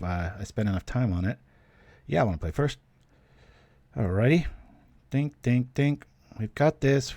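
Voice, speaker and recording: A man's voice: medium pitch, dark tone, no room sound. A man hosting a card game show, chatting casually as he plays and talks himself through each move. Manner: chatty, self-talking, cracks small jokes. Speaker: gaming channel host. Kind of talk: casual gameplay commentary.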